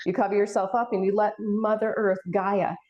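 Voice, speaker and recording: Casting note: woman hosting a spiritual chat, middle-pitched voice, earnest and rambling delivery. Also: flat delivery, moderate pace, dull audio. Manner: earnest, rambling, with emotional swells and laughs. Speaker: panel host. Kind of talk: casual spiritual discussion.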